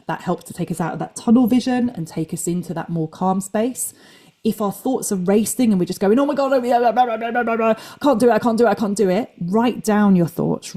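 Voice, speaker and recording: A woman's voice: on the low side, warm tone. A woman fitness coach giving a live online talk, chatty and acting out anxious inner thoughts.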